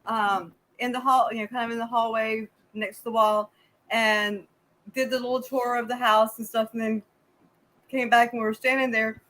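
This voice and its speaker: A woman's voice: on the high side, moderate pace, rough recording. A woman co-hosting a casual livestream, telling a rambling story and acting out her dog's reactions in little voices. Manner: rambling, animated, acts out the dog in voices. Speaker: co-host of a homestead livestream. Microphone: video call.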